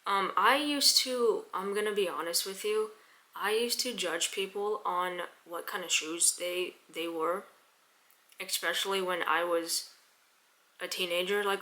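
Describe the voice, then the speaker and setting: A young woman telling a story in a casual vlog, chatty, with quick restarts and repeated words. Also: on the low side, pushed and bright. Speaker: vlogger.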